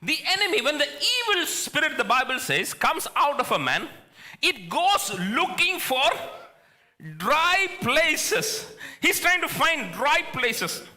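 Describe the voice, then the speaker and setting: A man's voice: very high-pitched, big pitch swings, slow pace, bright, forceful tone. A man pastor preaching a conversational sermon in a church, asking the congregation questions. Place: church sanctuary.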